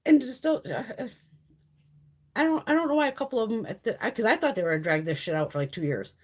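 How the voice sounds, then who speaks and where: Husky woman ranting with heavy swearing. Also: fairly high pitch, lively intonation, fast talker, darkish tone. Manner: profane, ranting, exasperated; laughs often. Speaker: live stream host. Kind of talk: casual chat.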